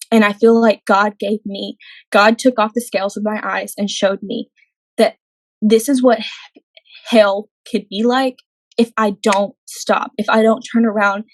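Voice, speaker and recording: A woman's voice: medium pitch, fairly even intonation, moderate pace, no echo, rough recording. A young adult woman, a podcast guest, telling a personal faith testimony in an earnest way, acting out her own quoted words.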